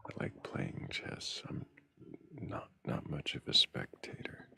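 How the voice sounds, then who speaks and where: A man from Texas hosting a casual live-stream chat, relaxed and low-key, often dropping into a half-whisper. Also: takes it slowly. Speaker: host.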